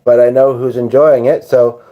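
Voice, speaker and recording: Through narrow, tinny audio, a man with a mid-range, level voice talks at normal speed. He's a fatigued livestream host who rambles, jokes around, and chats with viewers while working through their comments.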